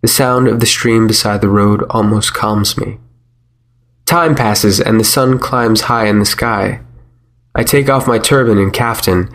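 Man, low voice, measured first-person story narration, wry. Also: fairly bright tone.

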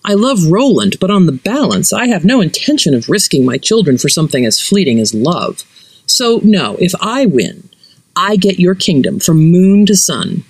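Stubborn wry young woman, pregnant, lively pitch, dry close sound, narrator speaking as her. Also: moderate pace, slightly rough, no echo.

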